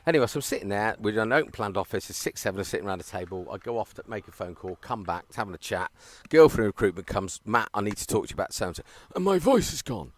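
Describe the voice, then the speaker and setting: A man's voice: fairly low pitch, quick pace, few pauses. A man commentating on a live cricket stream, chatting casually and telling a story with frequent laughter. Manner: animated storyteller, laughs often.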